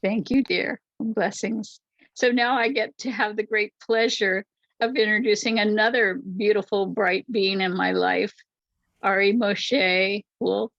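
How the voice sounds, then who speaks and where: A woman's voice: medium pitch, steady tone, a little slow, creaky, a bit bright, no echo. An older woman hosting an online vigil, talking in an effusive, heartfelt way on a video call. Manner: effusive, gushing, laughs often. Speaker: host and producer of an online vigil. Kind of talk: heartfelt casual chat. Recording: dry, dull lo-fi call audio.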